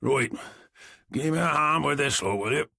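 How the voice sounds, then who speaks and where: Man doing a short-tempered balding crook, high strained voice, gravelly, snappish threats. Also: expressive, normal speed, sharp tone, dry recording, studio quality, exaggerated voice. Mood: curt, commanding. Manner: snappish, threatening, coarse slang.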